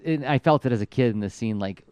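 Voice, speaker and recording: A man's voice: medium pitch, quick pace, darkish tone, clean tone, no echo. Enthusiastic man gushing about cartoons. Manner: enthusiastic, many "like" fillers, laughs often. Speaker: podcast co-host. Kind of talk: casual enthusiastic chat.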